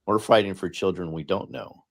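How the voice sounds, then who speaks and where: A man's voice: low voice, fairly quick, gravelly, slightly rough. A middle-aged man speaking on a panel, earnest and emphatic, often repeating his words for stress. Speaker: guest speaker, political candidate. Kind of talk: impassioned panel talk.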